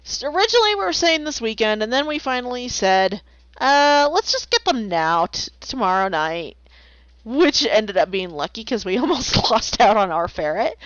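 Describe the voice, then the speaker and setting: A woman's voice: fairly high pitch, a bit bright, no room sound. A woman streaming while she draws, chatting casually and playfully, rambling and making silly noises. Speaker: streamer drawing commissions. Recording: slightly dull lo-fi, dry.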